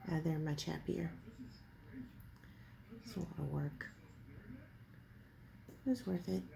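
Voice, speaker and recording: A woman hosting a home vlog channel, chatting casually and softly coaxing her kittens indoors. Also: sits low, gravelly, slight background noise. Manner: soft, coaxing, slow-paced talk.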